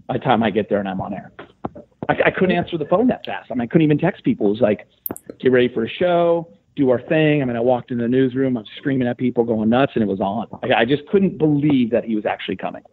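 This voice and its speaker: A man, a sports radio host, retelling a story in casual podcast talk, getting animated and loud as he goes. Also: fast, slight background noise. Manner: excited, animated retelling with rising pitch. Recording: tinny phone line.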